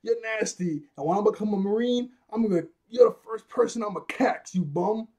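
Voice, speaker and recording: A man voicing a timid young boy from a cartoon who blurts out his words in high, strained outbursts. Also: very animated, moderate pace, dark tone. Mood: agitated.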